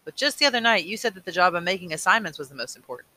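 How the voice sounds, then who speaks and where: A man's voice: high voice, lively intonation, racing, pushed and bright, pitched above the performer's own voice, full character voice. A man reading aloud as a twelve-year-old boy, voicing his earnest, uneasy questions lightly. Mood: curious.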